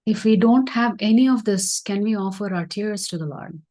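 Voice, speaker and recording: A woman teaching scripture through a story, acting out the dialogue in an earnest, gentle way during an online session. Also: mid-range voice, moderate pace. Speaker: spiritual teacher.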